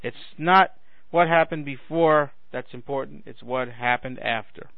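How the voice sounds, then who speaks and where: A man's voice: mid-range voice, measured pace, creaky, dry recording. A man in his forties hosting a talk radio show, ranting sarcastically at listeners while fighting a failing voice. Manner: ranting, sarcastic, addresses listeners as ladies and gentlemen. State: losing his voice, clearing his throat. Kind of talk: political talk radio monologue. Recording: dry phone-like radio sound.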